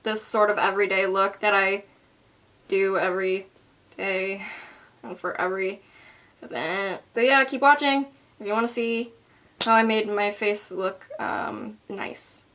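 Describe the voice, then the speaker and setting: A woman's voice: medium pitch, animated, measured pace, a bit bright. A young woman rambling through a casual makeup tutorial in her bedroom, swearing freely and mocking herself as she goes. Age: young adult. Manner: rambling, profane, self-mocking. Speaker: beauty vlogger. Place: bedroom at home.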